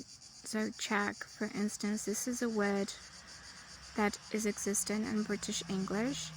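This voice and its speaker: Woman English tutor, unhurried, gravelly fry, light hiss behind. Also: mid-range voice, rough recording. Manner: slow, listing word pairs with pauses. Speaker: English teacher. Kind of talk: vocabulary lesson.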